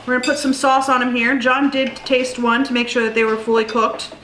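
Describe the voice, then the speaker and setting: A woman's voice: a little high, level tone, a little fast, fairly bright tone. A woman co-hosting a casual mukbang vlog, chatty and talkative. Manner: chatty, reads out a list at length. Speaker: co-host. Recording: echoey room, some background noise.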